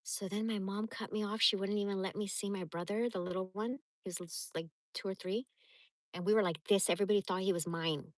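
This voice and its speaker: A woman in her forties telling stories from her life on a livestream, blunt, animated and full of swearing. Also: mid-range voice, quick pace, no echo. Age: 40s. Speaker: livestream host. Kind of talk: casual storytelling.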